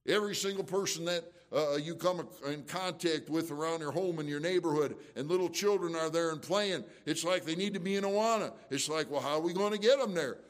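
A man preaching a sermon as pastor, conversational and fervent, with emotional surges, frequent restarts and folksy asides. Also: on the high side.

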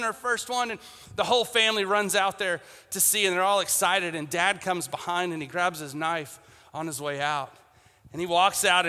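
Male preacher, storytelling sermon, tense bright tone, echoing church hall. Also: high voice. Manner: storytelling with acted-out voices, many restarts. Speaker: pastor. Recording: long reverb of a church hall.

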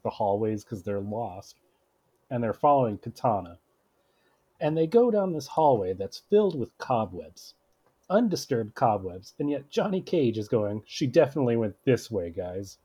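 Husky man with a lively voice, podcast co-host. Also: mid-range voice. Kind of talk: casual movie-rewatch chat.

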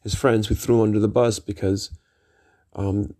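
A man's voice: fairly low pitch, level tone, a little slow, dark tone. A middle-aged man vlogging, telling a rambling personal story in an emphatic, digressive way and swearing freely.

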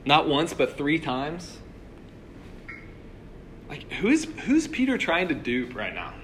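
A man's voice: fairly high pitch, huge pitch swings, takes it slowly, fairly bright tone, a little hiss or hum. Man preaching in a casual, chatty way. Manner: conversational, lots of "like" and restarts. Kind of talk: casual sermon. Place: room with a live audience.

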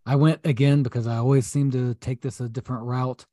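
A man co-hosting a casual movie review chat, easygoing and quick to chuckle. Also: medium pitch, level tone, mellow, no echo, studio quality. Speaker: podcast co-host.

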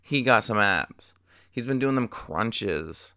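A man's voice: fairly low pitch, animated, slow pace, pushed and bright, smooth, no room sound, studio quality. A young man hosting a casual solo movie review podcast, chatty and profane, rambling with lots of fillers.

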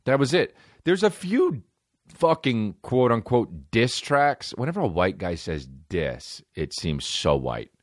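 A man's voice: medium pitch, big pitch swings, a little slow, dry recording, clean studio sound. A man hosting a podcast, ranting casually and profanely with rambling asides and mock rap lines. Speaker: podcast host. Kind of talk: casual comedic rant.

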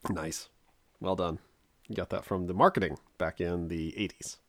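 A man's voice: low-pitched, fairly even intonation, moderate pace. A man from Kansas, co-hosting a podcast, telling a childhood story in a rambling, self-mocking way with frequent restarts. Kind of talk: casual storytelling chat.

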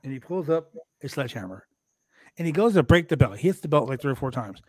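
A man hosting a casual wrestling recap show, talking in an animated, profane way and acting out quotes from the show. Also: mid-range voice, fast talker, slightly rough, dry recording. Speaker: podcast host recapping wrestling.

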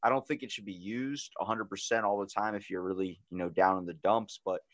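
A man hosting a podcast, telling stories in casual chat with lots of swearing and loud acted-out quotes. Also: lowish voice, brisk, dry recording, clean studio sound. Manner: animated storyteller, swears freely, acts out quotes loudly.

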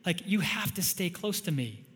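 A pastor voicing God, patient and reassuring. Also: male voice, high voice, big pitch swings, normal speed, fairly bright tone, breathy edge, long reverb tail, voice pushed up, full character voice. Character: God speaking patiently to a male believer.

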